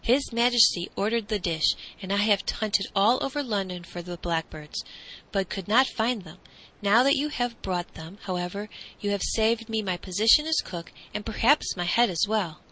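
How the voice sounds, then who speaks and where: A woman's voice: mid-range voice, animated, moderate pace, pushed and bright, rough recording. A woman voicing a big, anxious male royal cook in a storybook reading. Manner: anxious, fussy.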